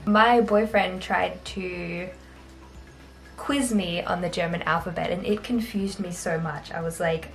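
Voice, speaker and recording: A woman's voice: lowish voice, steady tone, measured pace, faint music behind. A young Australian woman vlogging in a casual, chatty, self-deprecating way, laughing often. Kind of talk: casual chat to camera.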